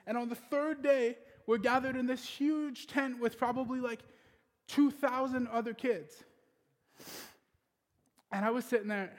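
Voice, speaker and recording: Male pastor, high pitch, animated storyteller who acts out dialogue, long reverb of a big hall. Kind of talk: sermon with personal story.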